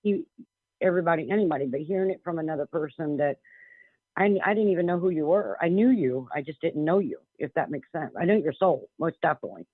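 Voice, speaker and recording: Her voice sits low with a breathy edge, moving quickly with lively intonation. She is a psychic medium guest on a phone-in radio interview, blunt and emphatic and often restarting, heard through a telephone on a tinny line in a dry recording.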